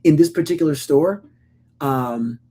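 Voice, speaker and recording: A middle-aged man co-hosting a podcast, telling stories in casual conversation with many stammered restarts and lively acted-out quotes. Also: a little high, a little slow. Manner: animated storytelling with acted-out quotes. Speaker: podcast co-host.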